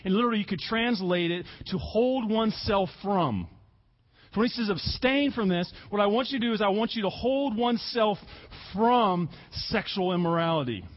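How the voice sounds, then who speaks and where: A man preaching a sermon as pastor, earnest, stressing key words slowly and repeating himself for emphasis. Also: high voice, animated, muffled recording.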